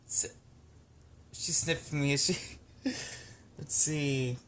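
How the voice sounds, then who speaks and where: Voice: mid-range voice, steady tone, extremely slow, pauses often, fairly bright tone. A young adult vlogger talking at home in a chatty, wandering, self-deprecating way. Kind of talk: casual rambling chat.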